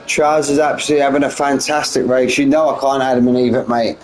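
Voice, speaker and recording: This man in his forties talks fast in a medium-pitched voice, and the poor audio has some hiss or hum. His live race commentary is slangy and casual, mixing chat replies mid-race with excited outbursts at close finishes.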